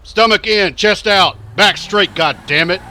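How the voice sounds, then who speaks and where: Texan man as a shouting drill sergeant, pitched up, forceful. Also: a little slow, a little hiss or hum, full character voice. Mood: barking. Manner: shouting orders, loud. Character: barking gruff male drill sergeant.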